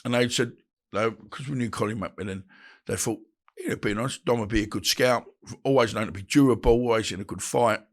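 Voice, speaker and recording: A man's voice: mid-range voice, brisk. A man, telling stories in an interview and acting out the voices of people he quotes. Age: 50s. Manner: animated, acts out phone calls and quarrels in changing voices. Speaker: podcast guest, boxer. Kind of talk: storytelling interview chat.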